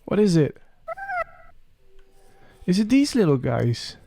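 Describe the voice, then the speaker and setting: A young male Let's Play creator offers chatty, casual commentary while playing, talking to on-screen creatures with excited rising questions. He speaks slowly in a high-pitched voice with vocal fry, against a noisy background.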